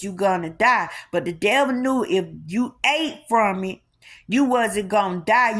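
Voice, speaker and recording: A woman's voice: medium pitch, fairly bright tone. A woman giving an informal spiritual teaching in an emphatic, colloquial, preacher-like way with lots of repetition.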